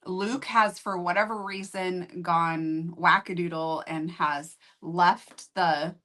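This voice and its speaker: Bright woman recounting a book. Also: lowish voice, steady tone, slow. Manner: storytelling, conversational, thinks aloud. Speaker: book review co-host. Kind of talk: casual chat.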